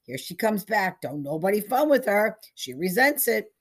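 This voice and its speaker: A woman's voice: mid-range voice, big pitch swings, moderate pace, slightly rough, pitched above the performer's own voice. A woman reading aloud, voicing a sly, gossipy small-town barber who teases his customers. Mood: gossiping. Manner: gossipy, teasing.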